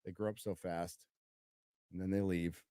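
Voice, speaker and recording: A man's voice: deep voice, level tone, normal speed, mellow, smooth, no echo, studio quality. A man hosting a casual live-stream chat, reading out donations with laid-back, chuckling asides. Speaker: show host reading out donations.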